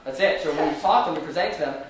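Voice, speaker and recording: A man leading a live sales training, energetic and firing rhetorical questions at the room. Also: on the high side, racing, slight background noise. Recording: very echoey room from far off.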